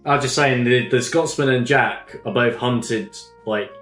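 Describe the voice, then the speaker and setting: A man co-hosting a casual podcast, jumping in with lively jokes. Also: mid-range voice, echoey room, soft background music. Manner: lively, jokey, quick to jump in. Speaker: podcast co-host. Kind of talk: casual chat.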